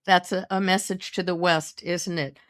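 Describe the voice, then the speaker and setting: A woman's voice: on the low side, fairly even intonation, moderate pace, fairly bright tone, no room sound, studio quality. A woman co-hosting a podcast, asking brief, reflective questions in a casual interview. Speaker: podcast co-host.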